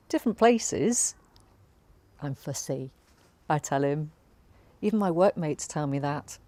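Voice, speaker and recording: A woman giving a wry, dry stage monologue at an unhurried pace. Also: low-pitched, gravelly, dark tone, no room sound. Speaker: actor.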